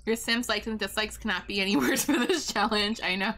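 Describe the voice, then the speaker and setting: A woman streaming a life-simulation game live, chatting excitably with her viewers and laughing often. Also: mid-range voice, a little fast. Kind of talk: live gameplay commentary.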